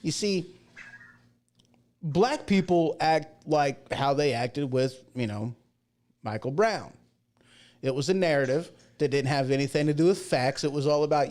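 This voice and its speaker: A man's voice: a little high, moderate pace, a little mellow. A man hosting a casual livestream talk show, chatty and folksy, rambling through asides and jokes. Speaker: show host.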